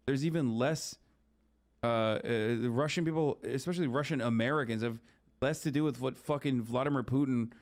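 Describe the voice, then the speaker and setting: A man's voice: medium pitch, normal speed. A young man on a live stream, talking bluntly and swearing as he reads and answers chat.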